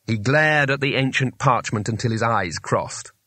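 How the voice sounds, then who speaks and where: A man narrating a comic fantasy audiobook in a measured, expressive storytelling manner. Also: mid-range voice, no echo. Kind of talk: scripted narration.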